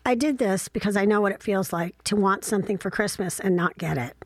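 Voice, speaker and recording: Middle-aged mom from ohio, wry candid storytelling, dry close sound, lots of ums. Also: female voice, medium pitch, fairly quick, dry recording. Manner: candid, reflective, wry, with frequent fillers. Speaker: mother telling personal stories. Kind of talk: casual personal storytelling.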